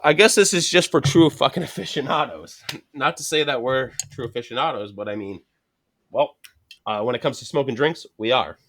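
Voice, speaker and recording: A Canadian-accented man holding a loose, casual podcast chat. He swears freely and laughs easily while spinning stories, his voice sitting right at an average male pitch. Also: fairly quick. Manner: profane, laughing often, animated storytelling.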